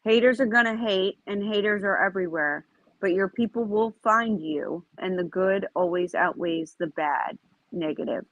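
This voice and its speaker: Woman, co-host, casual chat, blunt, dismissive, mid pitch. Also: normal speed, fairly bright tone, no echo, highs cut off.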